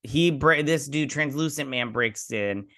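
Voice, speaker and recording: A man's voice: mid-range voice, measured pace, fairly bright tone. A young man hosting a show, casually retelling a TV episode in a rambling way, quoting characters as he goes. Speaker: show host.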